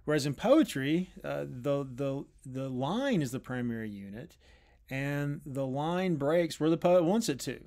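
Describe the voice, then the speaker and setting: Man explaining poetry in a measured lecture. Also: fairly high pitch, lively intonation, darkish tone. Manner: thoughtful, with frequent restarts and drawn-out pauses. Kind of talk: unscripted lecture.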